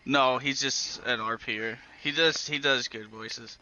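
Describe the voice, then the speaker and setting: A man's voice: mid-range voice, fairly even intonation, unhurried, muffled recording, over music. A man chatting casually while playing a video game, laughing often and swearing freely as he tells stories. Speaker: gaming channel co-host. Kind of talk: casual let's-play chat.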